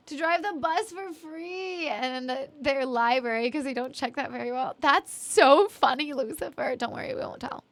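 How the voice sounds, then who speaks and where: A woman's voice: high-pitched, a little slow, fairly bright tone. A young woman from Canada chatting casually with viewers on her live stream, giggly and apologetic with lots of fillers. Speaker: streamer and singer-songwriter.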